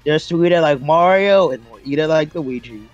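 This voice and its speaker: A man co-hosting a podcast in casual group chat, animated and quick to break into sung bits. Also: on the high side, lo-fi sound, soft background music. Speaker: podcast co-host.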